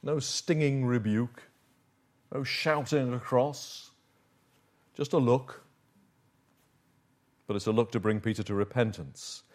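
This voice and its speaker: A middle-aged man preaching a sermon, dropping to quiet low asides and rising to emphatic points. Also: slow pace, long pauses. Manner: shifts between soft, low asides and emphatic, raised points.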